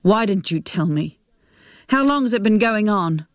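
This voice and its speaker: A woman's voice: mid-range voice, animated, normal speed, no echo, studio quality, natural voice. Woman reading as a bitter grown son. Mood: accusing. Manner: bitter, accusing. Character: resentful grown son, young man.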